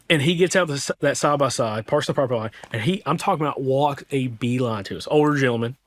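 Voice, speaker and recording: A man's voice: mid-range voice, brisk, fairly bright tone. A young man from Alabama, a hunting podcast host, casually retelling a hunt in a rambling way with quoted dialogue. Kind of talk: casual storytelling.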